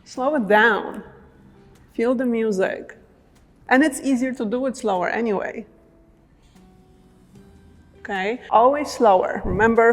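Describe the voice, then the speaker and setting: A woman's voice: mid-range voice, long reverb tail. A woman teaching dance moves, talking casually and encouragingly, often checking in with "right?" as she demonstrates. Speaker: dance instructor. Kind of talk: instructional talk with demonstrations.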